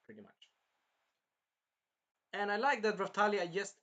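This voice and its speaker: A man's voice: sits high, normal speed, bright, forceful tone, muffled recording. A man casually chatting through an anime episode review, rambling and swearing now and then as he retells scenes.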